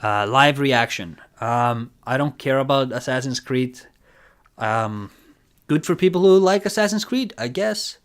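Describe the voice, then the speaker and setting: A man with a somewhat nasal voice chats through a live reaction stream. He rambles with lots of fillers and giggles, always putting himself down. His pitch is ordinary for a man. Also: lively intonation, unhurried.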